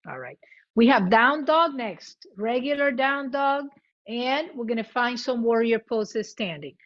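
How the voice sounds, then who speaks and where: Lady yoga teacher talking a chair class thru poses, higher voice, dull lo-fi sound. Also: expressive, measured pace. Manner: switches between English and Spanish cues; demonstrates loud vocal sounds. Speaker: yoga instructor. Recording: muffled lo-fi recording.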